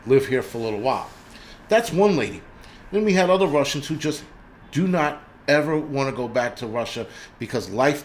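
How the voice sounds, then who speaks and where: A man's voice: mid-range voice, slight background noise. Blunt, profane man ranting on a livestream. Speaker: livestream host. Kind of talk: casual livestream rant.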